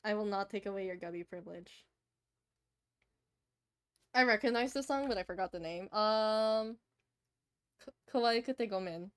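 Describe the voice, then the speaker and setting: A woman's voice: mid-range voice, normal speed, long pauses, fairly bright tone, clear, resonant tone. A young woman with a slightly nasal voice, chatting casually with her live-stream chat while drawing a commission and laughing often.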